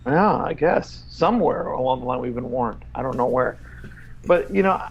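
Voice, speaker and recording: A man's voice: medium pitch, lively intonation, husky. A man co-hosts a casual podcast, reading aloud with weary exasperation and plenty of swearing. He halts and restarts, with lots of fillers. The recording is dull and lo-fi. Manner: exasperated, profane, halting with fillers. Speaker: podcast co-host.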